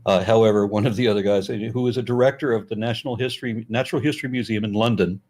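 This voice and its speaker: A middle-aged American man talking casually as a guest, blunt and profane, animated, with frequent restarts. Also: fairly low pitch, quick pace. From United States. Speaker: YouTuber and guest. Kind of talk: casual conversation.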